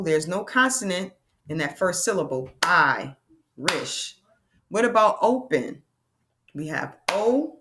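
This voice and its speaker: A woman teaching a phonics lesson to children, sounding out words slowly and patiently. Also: fairly low pitch, fairly bright tone.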